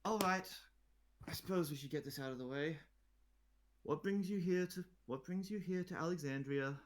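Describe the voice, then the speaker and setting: A man's voice: fairly high pitch, expressive, normal speed, a bit bright, pitched above the performer's own voice. A man voicing a bored, haughty woman who rules a great library, speaking in an imperious, weary way.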